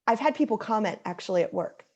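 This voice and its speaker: A woman's voice: mid-range voice, lively intonation, fast, a little mellow, slightly rough, highs cut off. A woman in her thirties speaking as an interview guest, earnest and heartfelt, with many likes and ums. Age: 30s. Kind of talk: casual interview chat.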